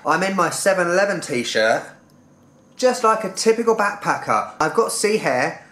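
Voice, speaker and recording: A young man from London rants about fellow travellers in a comic vlog, sarcastic and exasperated, with plenty of swearing. His voice sits a little high for a man. The room around him echoes noticeably. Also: a bit bright. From London, England. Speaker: travel vlogger.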